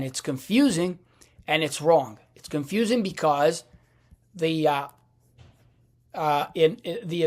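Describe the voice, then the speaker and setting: A man teaching a language lesson, explaining slowly with frequent restarts and fillers. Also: fairly high pitch. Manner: slow, hesitant, with many restarts and fillers.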